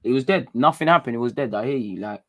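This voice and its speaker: Man, British accent, livestream host, slangy casual chat, animated and chatty, mid-pitched voice. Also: fast. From England.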